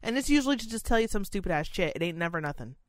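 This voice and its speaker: A woman tells animated, profanity-laced stories in casual chat. The sound is close and dry, with no room around her. Her pitch sits in a middle range. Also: rapid-fire, dry recording.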